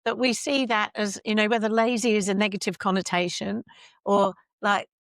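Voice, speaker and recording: A woman's voice: mid-range voice, level tone, normal speed, no room sound. A woman hosting an interview, musing aloud and asking long, reflective questions. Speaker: podcast host. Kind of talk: conversational interview.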